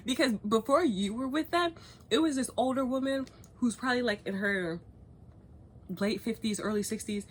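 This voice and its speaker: A young woman talks straight to her viewers in loose, chatty vlog style. Her voice sits a little high with a breathy, husky edge, and her pitch leaps around animatedly as she swears and laughs her way through it. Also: a bit bright. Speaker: vlogger. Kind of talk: casual chat, cookie review and gossip.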